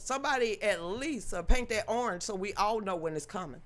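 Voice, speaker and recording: A woman's voice: medium pitch, expressive, normal speed, hardly any pauses, a bit bright. A woman hosting a livestream, chatting casually and joking with her viewers, with laughing asides. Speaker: livestream host.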